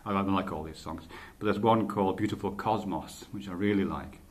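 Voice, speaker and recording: Low-voiced man rambling casually. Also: a little fast. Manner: rambling, stops to correct himself; informal, swears casually. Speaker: podcaster. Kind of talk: casual spoken monologue.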